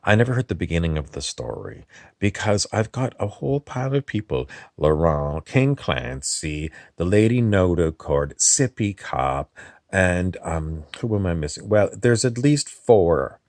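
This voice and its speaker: Low-voiced man in a rambling comic monologue. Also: very animated, darkish tone, no room sound, studio quality. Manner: meandering, halting, drifts off topic. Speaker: comedy channel host in character.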